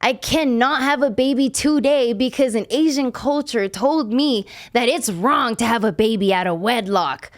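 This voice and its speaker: A woman's voice: on the high side, normal speed, hardly any pauses. A young adult woman hosting a podcast, telling a personal story in a blunt, profane, emotional confessional way. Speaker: podcast host. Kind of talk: casual podcast chat.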